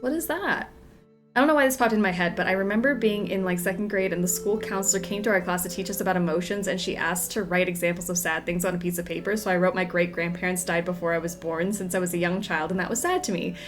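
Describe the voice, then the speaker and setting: A woman's voice: on the low side, fairly even intonation, quick pace, over music. A young woman streaming a game, reading in-game text aloud and chatting with viewers, a bit out of breath. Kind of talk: casual gameplay commentary and reading aloud.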